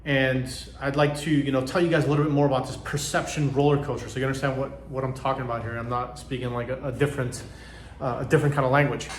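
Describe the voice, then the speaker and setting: A man's voice: medium pitch, level tone, fast talker, reverberant, slight background noise. A man hosting his own channel, giving a casual motivational talk to camera, rambling with many fillers and acting out quoted reactions. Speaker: channel host.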